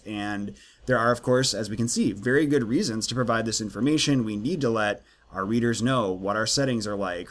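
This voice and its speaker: A man co-hosting a casual chat about writing craft, animated and acting out quoted lines with jokey voices. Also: medium pitch. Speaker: podcast co-host.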